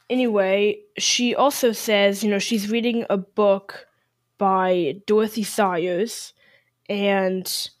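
A woman's voice: medium pitch, dry recording. A woman co-hosting a podcast, chatting casually and reading out listener emails, rambling with many restarts and fillers. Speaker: podcast co-host.

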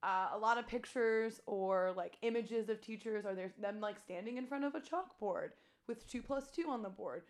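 A woman teacher co-hosting a podcast, talking casually with lots of "like" and quick asides. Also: medium pitch. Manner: chatty, heavy use of "like", quick asides. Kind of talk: casual chat.

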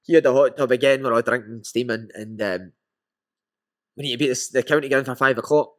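A man with a Scottish accent, a former footballer and podcast guest, telling lively stories and calling the listener "mate". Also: mid-range voice, fairly quick. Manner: animated anecdotes with frequent "mate". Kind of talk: casual storytelling.

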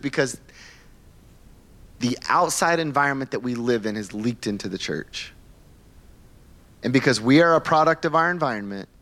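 A pastor with a mid-range, slightly bright voice gives a conversational sermon in a church sanctuary. He asks the congregation questions and acts out the people he quotes.

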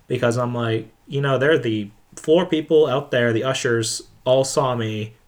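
A man at an ordinary middle pitch, chatting casually about his old job at a movie theater. He tells long, rambling stories and acts out the exchanges he quotes in them. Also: measured pace. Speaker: former movie theater employee. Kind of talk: casual chat.

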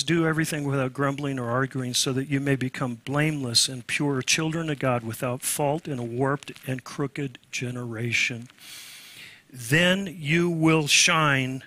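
A man preaching a sermon as pastor, animated, climbing loud through lists and dropping to quiet asides. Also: fairly high pitch, dry recording.

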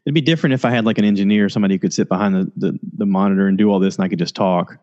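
A man's voice: rapid-fire, dull audio. A man hosting a podcast over a video call, rambling casually and acting out quotes. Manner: rambling, animated, acts out quotes in a high voice. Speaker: podcast host. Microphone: laptop or USB mic with headphones, video call.

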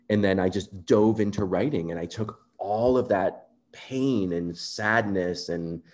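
A man being interviewed, telling a personal story in an earnest, animated way and acting out quoted remarks. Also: low voice. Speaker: composer guest.

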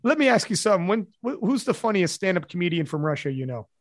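A man hosting a podcast in casual chat, telling stories in a profane, animated way. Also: sits high, fast talker, no room sound, studio quality. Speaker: podcast host.

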